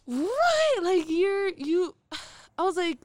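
A young woman with a fairly high voice tells a story in a loose, lively way, acting out everyone's lines and swearing freely. The sound is dry and close, with no room around her. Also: moderate pace, clean tone, dry recording. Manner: animated, swears freely, acts out quoted voices. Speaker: podcast co-host. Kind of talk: casual storytelling.

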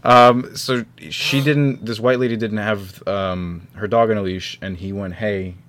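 Low-voiced, profane casual podcast guy. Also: fairly even intonation, a little slow, a bit bright. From New York tri-state area. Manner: casual, swears a lot, trails off with fillers. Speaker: podcast host. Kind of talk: casual group chat.

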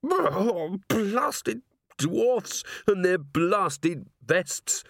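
A man voicing a blunt young female werewolf constable in an audiobook, brisk and clipped. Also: high voice, sing-song, gravelly, a bit bright, pitched above the performer's own voice, full character voice. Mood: grumbling.

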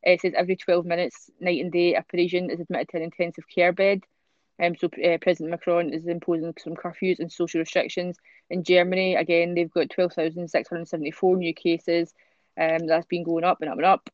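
A woman's voice: lowish voice, flat delivery, brisk, a little mellow, dry recording, highs cut off. A woman hosting a podcast, chatting casually with many fillers and reading out newspaper stories. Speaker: podcast host.

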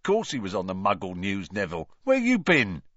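A man voicing a brash, chatty young bus conductor, loud and excitable, on a dull lo-fi audiobook recording. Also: lowish voice, fairly quick, no room sound, heavily acted. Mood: mocking. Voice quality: loud, excitable, dropped grammar.

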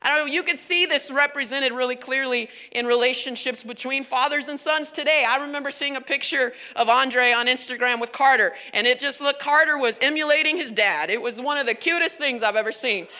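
Bright-voiced woman pastor preaching. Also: sits high, fairly quick, hardly any pauses. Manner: animated, emphatic, conversational. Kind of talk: sermon. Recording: long reverb of a large hall.

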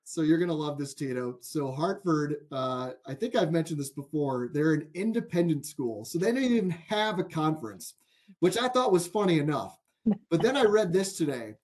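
A man's voice: a little high, big pitch swings, normal speed, a little mellow. A man hosting a sports betting podcast, chatty and amused, telling stories and filling gaps with "like". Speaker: podcast host. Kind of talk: casual sports betting chat.

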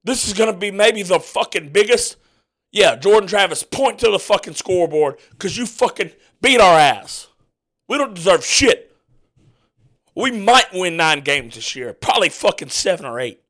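A man ranting angrily as a sports fan podcaster, swearing constantly and breaking into yelled outbursts. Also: high-pitched, animated, normal speed. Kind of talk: angry profane rant while watching a game.

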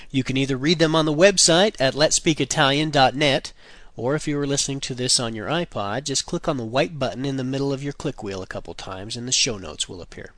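A man hosting a language podcast, teaching phrases and slowly repeating each one with careful pronunciation. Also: mid-range voice, fairly bright tone, no room sound. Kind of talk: scripted language lesson.

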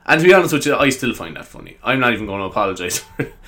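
A man's voice: medium pitch, big pitch swings, rapid-fire, bright, forceful tone. A young Irish man hosting a solo podcast, chatting casually in a rambling, easily sidetracked way and giggling a lot. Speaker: podcast host.

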